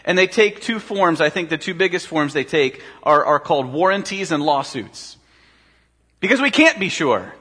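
A man's voice: a little high, sing-song, moderate pace, sharp tone, breathy edge. A man preaching a sermon as pastor, talking conversationally and asking his listeners rhetorical questions. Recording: long hall reverb.

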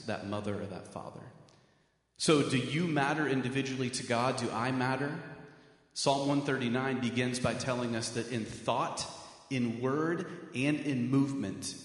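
A man preaching a sermon as pastor, earnest, stressing his questions with a rising voice. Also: medium pitch. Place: church sanctuary with a mural. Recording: echoey hall.

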